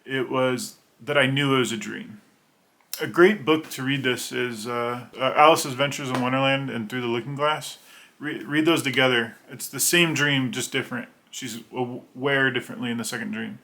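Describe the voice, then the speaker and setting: A man's voice: mid-range voice, steady tone, normal speed, creaky, sharp tone. A man in his thirties, a children's book illustrator, telling a rambling personal story to camera in a conversational way and acting out the voices in his anecdotes. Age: 30s.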